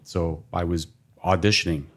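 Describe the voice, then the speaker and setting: Man, low voice, podcast guest, relaxed storytelling, laughs a lot, mimics others. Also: normal speed. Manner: laughing, animated storyteller who mimics people. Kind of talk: casual storytelling.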